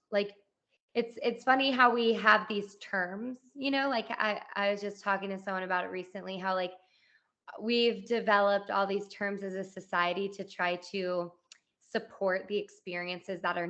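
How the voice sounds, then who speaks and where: A woman's voice: medium pitch, fairly even intonation, unhurried, pushed and bright. A woman in her thirties hosting a podcast interview, chatting casually with plenty of "like" and "you know". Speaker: podcast host.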